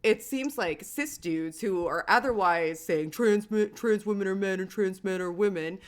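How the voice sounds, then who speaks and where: A Canadian woman in her thirties or forties hosting a casual livestream over a video call, animated, swearing freely and laughing often. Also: mid-range voice, moderate pace. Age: 30s or 40s. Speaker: host.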